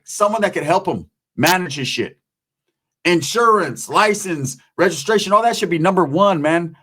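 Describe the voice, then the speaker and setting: A man's voice: fairly high pitch, a bit bright. A man telling stories and ranting in casual street slang, swearing freely as a YouTube commentator. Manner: profane, streetwise storytelling with slang. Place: home.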